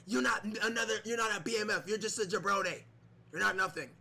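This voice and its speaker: A man's voice: sits high, fast talker, bright, forceful tone, voice pushed up, heavily acted. A man doing an impression of a brash male wrestling star, taunting an opponent in sing-song jeers.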